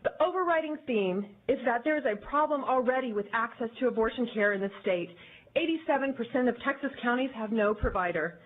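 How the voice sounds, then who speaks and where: A woman speaking in an earnest, measured way as she gives prepared testimony before a legislative committee. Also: on the high side, lively intonation. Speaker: advocacy group director testifying. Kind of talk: formal public testimony. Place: legislative committee hearing room. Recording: tinny, phone-like archive audio.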